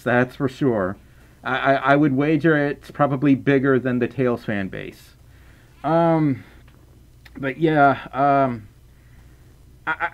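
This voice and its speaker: A man with a softened Southern US accent chats casually on a live stream while thanking donors. He rambles, stumbles over repeated words, and breaks into laughter often. His voice sits a bit high and swoops around animatedly. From Southern United States. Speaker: live streamer reading donations. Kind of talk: casual livestream chat.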